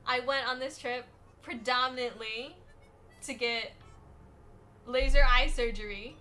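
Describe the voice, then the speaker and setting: A woman's voice: a little high, fairly even intonation, unhurried, long pauses, bright, forceful tone, faint music behind. A young American woman rambles through a casual livestream chat, profane and sassy. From United States. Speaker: streamer.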